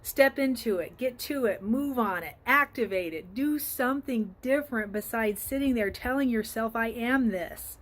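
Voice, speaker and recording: A woman's voice: a little high, moderate pace, hardly any pauses, fairly bright tone. Earnest woman coaching outdoors. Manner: earnest, conversational, with frequent ums. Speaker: life coach. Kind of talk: casual motivational vlog. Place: outdoors by a flowering tree.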